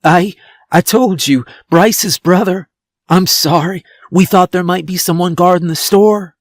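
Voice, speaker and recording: A man's voice: high voice, unhurried, no echo, studio quality, voice pushed up. A man voicing a frightened teenage boy who stammers and pleads, in a storybook reading. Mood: frightened pleading.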